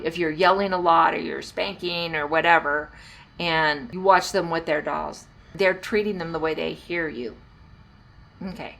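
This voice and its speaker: A middle-aged woman hosting a podcast, giving parenting advice in a conversational way, laughing often and acting out what parents and children say. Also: fairly low pitch. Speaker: podcast host.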